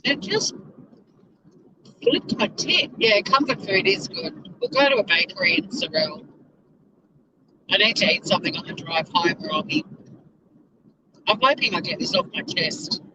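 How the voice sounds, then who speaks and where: A woman's voice: on the low side, animated, moderate pace, pauses often, highs cut off, background noise. A woman vlogging from inside her car, ranting in exasperation and swearing freely. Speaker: YouTuber. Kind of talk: casual vlog rant.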